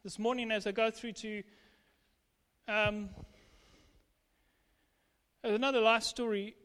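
High-voiced man preaching in a reverberant hall. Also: little pitch movement, slow, fairly bright tone, clean tone. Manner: emphatic testimony, acting out quoted dialogue. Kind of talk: sermon.

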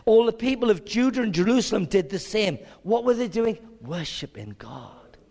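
Man, preacher, sermon, animated, high lively voice, echoing hall. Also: normal speed, vocal fry. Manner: animated, acts out scenes with voices. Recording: long hall reverb.

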